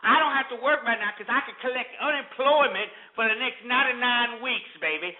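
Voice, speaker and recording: Drawling lazy braggart, as a man puts him on; high, phone-thin. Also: fairly quick, phone-quality sound. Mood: boastful. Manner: drawling, boastful, mocking. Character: lazy man bragging about living on benefits.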